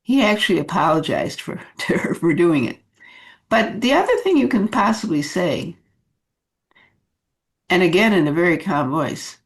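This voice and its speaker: A woman leadership coach giving advice in an unhurried talk, with many fillers and restarts. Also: lowish voice, very animated.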